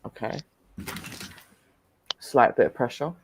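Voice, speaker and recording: A woman's voice: slow, a little hiss or hum. A woman, a guest on a live stream, chatting casually and telling stories with a lot of laughter. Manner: animated storytelling, laughs often. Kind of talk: casual group chat.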